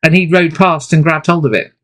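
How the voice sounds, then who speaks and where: A woman's voice: low-pitched, fairly quick. A woman co-hosting a podcast in casual chat, rambling a bit with restarts and wry asides. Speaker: podcast co-host.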